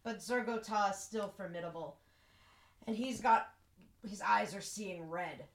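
Woman, game master, relaxed narration, mid pitch, echoey room. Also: measured pace. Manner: relaxed, filler-heavy narration. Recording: echoey room, distant mic.

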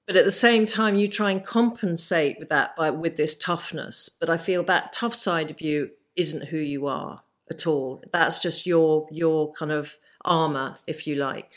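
A woman's voice: low voice, unhurried, few pauses. A woman, hosting an interview, speaking in an effusive, reassuring way. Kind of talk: casual interview chat.

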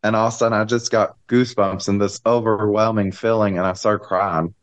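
A man's voice: on the low side, steady tone, brisk. A man on a video call in a casual group chat, rambling and apologizing as emotion overwhelms him.

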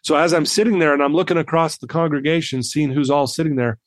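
A man in his fifties, a podcast guest telling a personal story in an animated way and acting out the people in it. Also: fairly high pitch, fast talker, no room sound.

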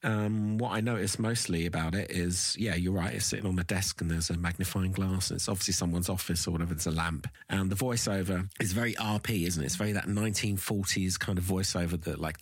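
A middle-aged host with a low, husky voice. He rambles casually and swears without fuss. The sound is dry and close. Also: steady tone, a little fast, hardly any pauses, no echo. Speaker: podcast host. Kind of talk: casual voice-message chat.

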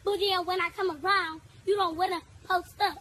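A woman's voice: very high voice, steady tone, normal speed, pushed and bright. A woman speaking in a confrontational, challenging way.

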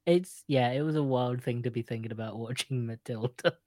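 A woman's voice: rumbling low, brisk, mellow, no room sound. A woman co-hosting a podcast in casual chat, rambling and laughing often. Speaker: podcast co-host.

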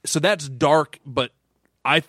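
A man co-hosting a podcast, rambling and animated as he retells film scenes in casual chat. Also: a little high, takes it slowly, dry recording, clean studio sound. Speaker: podcast co-host.

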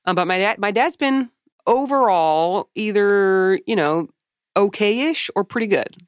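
A woman's voice: medium pitch, expressive, unhurried, clean tone, no room sound, clean studio sound. A woman co-hosting a podcast, telling candid stories in a chatty style and swearing freely. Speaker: podcast co-host. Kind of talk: casual chat.

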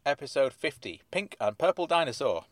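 A man's voice: fairly high pitch, sing-song, a little fast, dry recording. A man reading episode synopses aloud and adding dry, sardonic asides, chuckling as he goes. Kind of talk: casual comic commentary.

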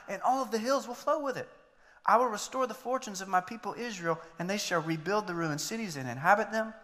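A man's voice: sits high, pushed and bright, in a large hall. A man preaching a sermon, reading scripture aloud and adding joking asides.

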